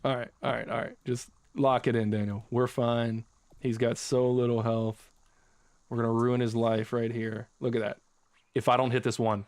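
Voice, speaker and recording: A man's voice: medium pitch, fairly even intonation, normal speed, no echo. Male game streamer, conversational live commentary, dry booth-like sound. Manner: chatty, talks to chat, bursts of laughing frustration.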